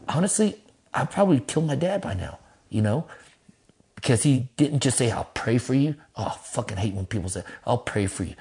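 A middle-aged man, a pastor, telling his life story in an interview in a lively, casual way, acting out quotes in a raised voice and cursing freely. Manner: animated, acts out quotes in a high voice, laughs, swears casually.

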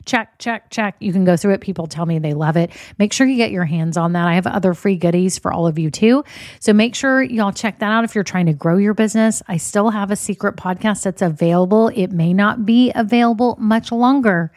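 A woman's voice: mid-range voice, fairly quick, darkish tone, dry recording, clean studio sound. Chatty woman podcast host, slightly scratchy. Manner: chatty, upbeat, encouraging. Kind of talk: casual podcast chat.

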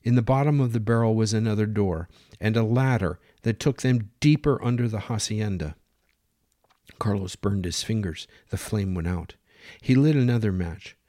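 A man narrating a dramatic story in steady, plain reading. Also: fairly low pitch, normal speed, no room sound, clean studio sound.

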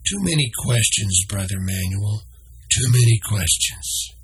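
A man voicing a talkative, proud male camel who speaks in a slow, friendly way. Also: lowish voice, expressive, breathy edge, exaggerated voice.

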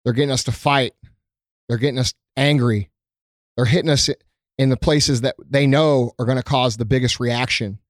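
A man's voice: medium pitch, fairly even intonation, normal speed, dry recording, clean studio sound. A man, a small business owner, speaking to his followers in an unscripted, heartfelt monologue. He is earnest and emotional, swears freely and often stumbles with ums and restarts. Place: his company premises, indoors.

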